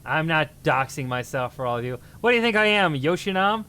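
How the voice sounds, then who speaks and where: A man streaming live, chatting casually and bantering excitably with his chat, sometimes yelling in mock outrage. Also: fairly high pitch, brisk, clean tone.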